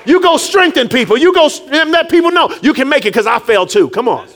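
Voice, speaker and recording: A man preaching a sermon with call-and-response, rising to shouts and dropping low, acting out scripture figures. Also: fast talker. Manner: animated, call-and-response, rises to shouts then drops low; acts out Jesus and Peter in quiet low tones.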